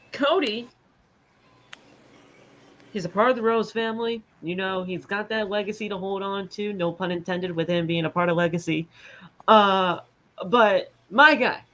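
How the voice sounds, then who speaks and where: A man's voice: high voice, sharp tone, muffled recording. A man co-hosting a wrestling podcast, ranting in heated, profane casual chat. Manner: heated, swearing, fan ranting. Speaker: podcast co-host.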